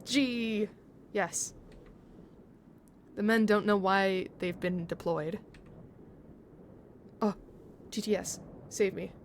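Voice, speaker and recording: A woman's voice: mid-range voice, steady tone, slow pace, pauses often. Brief: chatty woman streamer reading a game story to chat, faint noise behind. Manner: chatty, laughing, muses on pronunciation.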